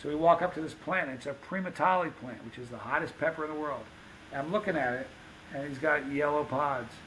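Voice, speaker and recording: A man telling stories on a podcast, animated and acting out the dialogue of the people in them. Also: a little high, a little fast, slight background noise, poor audio. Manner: animated anecdote-teller, acts out quoted dialogue. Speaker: podcast guest, pepper show host. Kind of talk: casual storytelling.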